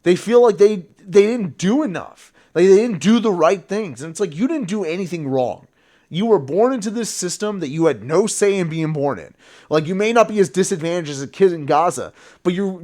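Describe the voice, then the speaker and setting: Man streamer, high-pitched, swearing a lot in heated political rants. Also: darkish tone. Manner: profane, heated ranting. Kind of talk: political reaction stream, ranting.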